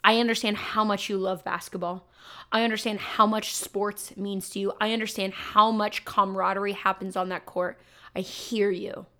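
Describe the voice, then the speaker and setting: A woman's voice: mid-range voice, little pitch movement, normal speed, fairly bright tone. A young adult woman, a teacher, giving an upbeat, chatty motivational talk to fellow teachers with lots of emphatic repeats. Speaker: teacher and podcast host.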